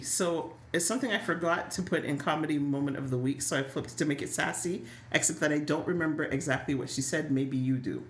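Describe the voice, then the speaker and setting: A woman's voice: deep voice, reverberant, slight background noise. A woman co-hosting a casual chat podcast about a soap opera, recapping scenes and laughing easily. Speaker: podcast co-host.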